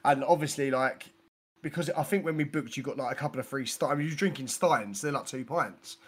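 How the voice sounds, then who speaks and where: A young British man co-hosting a podcast, telling an excitable story in casual chat and acting out the quotes. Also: medium pitch, fairly quick, breathy edge. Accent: British English. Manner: excitable, acts out quotes, laughs as he talks. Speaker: podcast co-host.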